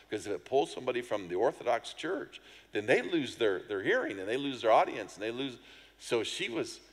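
A middle-aged male pastor tells a story from the pulpit with a lively, swooping delivery. He acts out other people's voices and sounds, and pokes fun at himself. His voice carries a long reverb from a large hall. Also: medium pitch. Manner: animated storyteller, acts out voices and sounds, self-deprecating humor. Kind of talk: sermon with a personal story.

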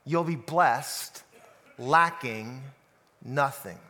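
A man's voice: mid-range voice, very slow, pushed and bright, long reverb tail. A man preaching a sermon as a pastor, telling a story and asking listeners rhetorical questions. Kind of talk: sermon podcast.

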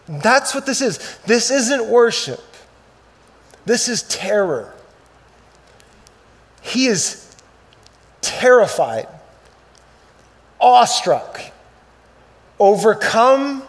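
Man preaching, high pitch, emphatic, loud then hushed. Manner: emphatic, shifts between loud bursts and quiet, slow reading. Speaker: pastor. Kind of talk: sermon.

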